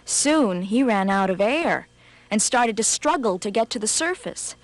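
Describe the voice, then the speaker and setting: A woman narrating a children's storybook in a scripted, expressive read, slowing for effect. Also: mid-range voice, dry recording.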